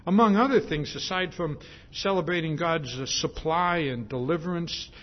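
A man's voice: a little high, normal speed. A male preacher giving a sermon, emphatic and repetitive, stressing his points with a repeated "see?". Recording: dull lo-fi sermon recording.

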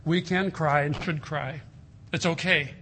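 A man preaching a sermon in an earnest way, slowing down and softening his voice to stress a point. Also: a little high, fairly even intonation, slight background noise. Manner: earnest, slows and softens for emphasis. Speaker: pastor.

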